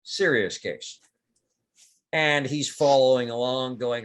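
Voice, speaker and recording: A man's voice: medium pitch, animated, moderate pace, a bit bright. A man narrating as game master of a tabletop game in a casual, rambling way.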